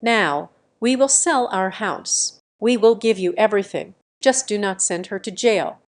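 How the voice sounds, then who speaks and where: A woman's voice: mid-range voice, measured pace, lightly acted. A woman narrator voicing a frightened elderly mother who pleads with her daughter in a trembling voice. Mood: begging. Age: older.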